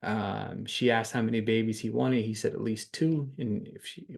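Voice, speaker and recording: A man's voice: lowish voice, moderate pace, creaky, darkish tone. A man hosting a podcast, casually recapping a reality dating show in a rambling way, repeating words, with frequent ums and some cursing.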